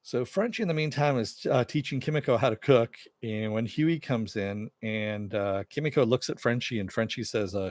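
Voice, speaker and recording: A man's voice: mid-range voice, normal speed, hardly any pauses, no echo, studio quality. A man reviewing a TV episode, retelling the plot in a loose, rambling way with plenty of fillers. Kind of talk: casual spoken recap.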